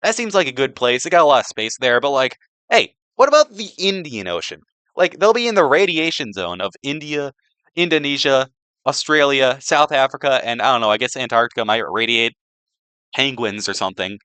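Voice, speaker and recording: A young man with a bright, crisp voice rambles through a joke slideshow, loading his talk with fillers and sarcastic asides. His pitch jumps around a lot. He is recorded close up on a dry mic. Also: very animated, brisk, dry recording. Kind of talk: rambling comedic presentation.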